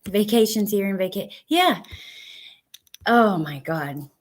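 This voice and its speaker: A woman hosting a casual live stream, reading viewer comments aloud. She swears heatedly at people in her chat and then thanks her chatters warmly. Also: medium pitch, animated, slow pace.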